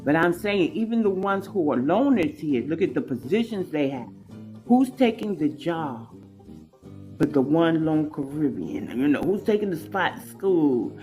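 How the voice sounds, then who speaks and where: A woman's voice: low-pitched, expressive, measured pace, warm tone, faint music behind. New woman making her point. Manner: conversational, rhetorical questions, many fillers. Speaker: panelist. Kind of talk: online panel discussion.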